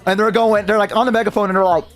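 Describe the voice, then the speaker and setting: A man's voice: high voice, little pitch movement, racing, faint music behind. A young adult man, a streamer, telling a story in a rambling casual way, full of fillers and swearing.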